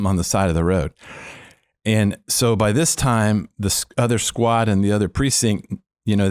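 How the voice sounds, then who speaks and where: A middle-aged man with a lowish voice, once a police officer, shares a faith testimony as a guest on a podcast. He tells it like an animated storyteller, performing the voices of the people he quotes. The studio recording is clean and dry.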